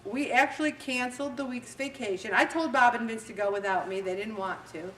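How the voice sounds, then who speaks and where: A woman hosting a faith talk show, giving a motivational talk in an animated, self-mocking way and acting out little scenes. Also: on the high side, a little fast, hardly any pauses, a little hiss or hum. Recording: roomy echo, distant mic.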